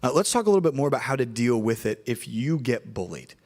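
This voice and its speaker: A young man, preaching to middle schoolers in an animated storytelling way. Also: medium pitch, fast. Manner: animated storytelling, acts out voices in anecdotes. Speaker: youth pastor.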